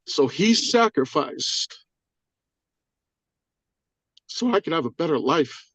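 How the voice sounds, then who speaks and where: Emotional guy on a live call, husky and teary, swears a lot then says sorry, kinda high voice, dry muffled audio. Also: big pitch swings, slow, pauses often, a bit bright, dry recording. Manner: rambling, swears often, apologetic. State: crying. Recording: dull lo-fi audio.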